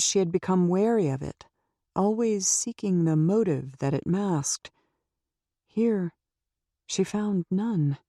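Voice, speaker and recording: Mellow-voiced woman narrating an audiobook. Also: lowish voice, no echo, clean studio sound. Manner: steady, measured reading.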